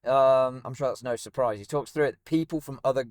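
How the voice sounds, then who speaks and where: A man hosting a casual podcast chat from inside a van, teasing his co-host in animated banter. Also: mid-range voice, fairly quick, no echo, studio quality.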